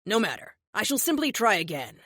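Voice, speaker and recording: A woman playing a smug, menacing male villain in an audiobook, speaking slowly and condescendingly. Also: mid-range voice, very animated, pushed and bright, no room sound, clean studio sound, pitched above the performer's own voice. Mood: smug menace. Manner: slow, condescending, self-assured. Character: smug, menacing man, centuries-old villain.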